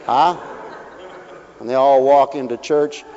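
A man preaching as a pastor, folksy and animated, acting out little voices as he talks. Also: medium pitch, slow pace, a little hiss or hum. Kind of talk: sermon. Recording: dull hall recording with long reverb.

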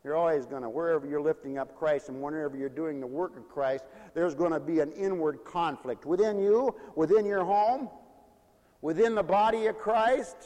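A man preaching a sermon in a mission hall, emphatic, swinging between loud declarations and hushed asides. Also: on the high side, normal speed.

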